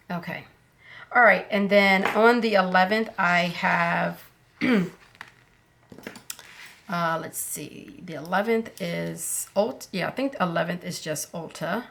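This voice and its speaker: A woman chats her way through a planner at a relaxed, slow pace. Her voice sits low with a gravelly edge, and she thinks aloud, pausing on fillers as she goes. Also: slight background noise. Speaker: planner vlogger. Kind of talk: casual budget planner walkthrough.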